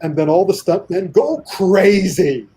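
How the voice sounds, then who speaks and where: A man telling an animated anecdote in a casual podcast chat, acting out the voices of the people he quotes. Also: sits high, a little slow, a little hiss or hum, low-quality recording. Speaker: guest storyteller.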